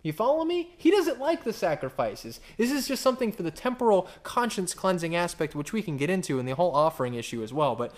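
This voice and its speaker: A pastor preaching in a casual, conversational way, with wry asides and lively acted-out quotes. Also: male voice, fast, hardly any pauses. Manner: animated, acts out quotes with big pitch jumps. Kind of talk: conversational sermon.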